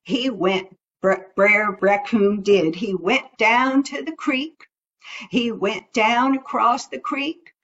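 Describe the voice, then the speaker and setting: A woman storyteller spinning a folktale in an unhurried, folksy drawl. Her voice sits fairly high, and she takes her time. The recording sounds dull and lo-fi. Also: a bit bright, slightly rough.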